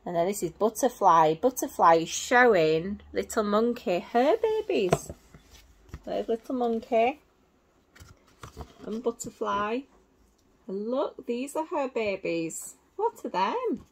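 Woman gently reading a story to children. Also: fairly high pitch, very animated, takes it slowly, pauses often. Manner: gentle, questioning, explains to children. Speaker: teacher reading aloud.

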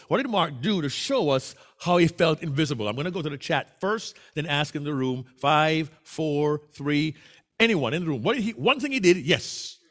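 A man's voice: a little high, fairly bright tone. A man from Jamaica with a Jamaican accent, leading an interactive speaking workshop and coaxing answers from the audience. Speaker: workshop presenter. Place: meeting room with a hybrid online audience.

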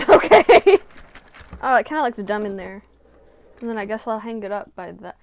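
A woman's voice: mid-range voice, steady tone, fairly quick, gravelly. A woman vlogging casually from her bedroom as she works on a craft project. She mutters to herself, runs herself down and swears freely. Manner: self-deprecating, swearing, muttering to herself while working.

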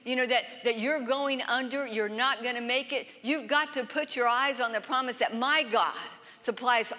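A woman with a bright, forceful, fairly high voice preaches a sermon, emphatic and insistent, slowing down to draw out scripture lines and asking the room to repeat them. Her voice rings out with a long reverb in a church sanctuary.

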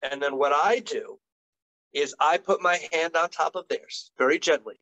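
A middle-aged man, an occupational therapist and guest, telling stories in an animated, enthusiastic conversational way. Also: on the high side, moderate pace, highs cut off. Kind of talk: conversational interview storytelling.

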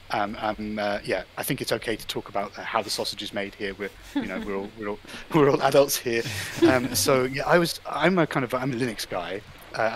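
A man giving an informal live talk as an invited presenter at an online art event, thinking aloud with many pauses and filler sounds. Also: fairly low pitch, a bit bright, slight background noise, low-quality recording.

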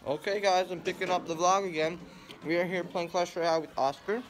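In this casual school vlog, a young man with a high voice talks briskly with fairly even intonation while carrying his phone camera around the school library and classrooms. Noisy classmate chatter fills the background as he jokes, rambles and swears plenty.

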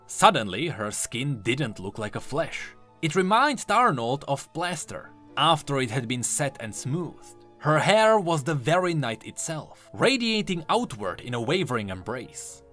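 A man narrates a scripted dark fable with dramatic, expressive delivery. His pitch rises and falls freely from line to line. Soft music plays underneath. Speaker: lore narrator.

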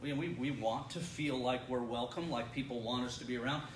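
A man's voice: mid-range voice, steady tone, a little fast, distant mic, background noise. A middle-aged man leading a Bible study in a congregation room, talking in a conversational, folksy way with repeated words and frequent laughs. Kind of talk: sermon-style Bible teaching. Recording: echoey room, voice from off the mic.

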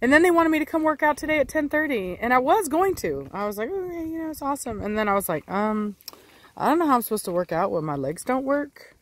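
Texan woman, casual outdoor vlogger, fairly high pitch, faint wind behind. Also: very animated, fast talker, rough recording. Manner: chatty, talks to her dogs. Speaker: dog breeder vlogger. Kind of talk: casual outdoor vlog chat. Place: outdoors in a windy yard.

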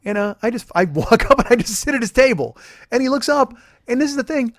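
A man's voice: very high-pitched, animated, quick pace, fairly bright tone, no echo, studio quality. A man in his forties hosting a podcast, telling rambling, profane comic stories with lots of restarts. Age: 40s. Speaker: podcast host. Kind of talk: casual comedic storytelling.

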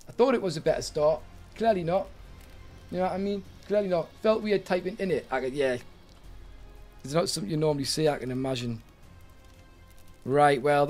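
Gamer guy, somewhat high voice, chatty and jokey, live let's-play commentary. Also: a little mellow. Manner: chatty, jokey, talks to himself and chat. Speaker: gaming streamer.

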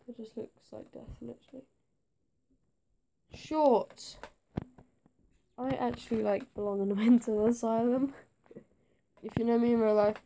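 A teenage girl, rambling to camera in her bedroom; her voice is going hoarse, and she is scatterbrained and jumpy. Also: on the high side, mellow, a little hiss or hum. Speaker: gaming vlogger. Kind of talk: rambling casual vlog to camera.

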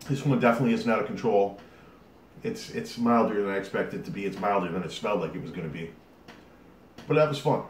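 Man, very low voice, casual rambling channel host, sweating; off-mic in an echoey room. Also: quick pace, distant mic. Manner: rambling, chatty, with many fillers. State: sweating from eating a hot pepper. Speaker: YouTube host. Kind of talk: casual vlog talk to camera. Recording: roomy echo, off-mic, faint hiss.

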